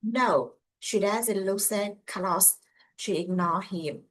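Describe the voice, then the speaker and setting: Slow-speaking woman answering English drills. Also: mid-range voice. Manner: short, careful answers with hesitations. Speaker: English student.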